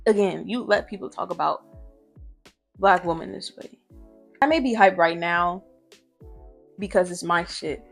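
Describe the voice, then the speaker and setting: A woman's voice: fairly low pitch, unhurried, gravelly, pauses often. A young woman commentator ranting brashly and profanely from her own room at home, with faint music behind her. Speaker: online commentator. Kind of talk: heated reaction commentary.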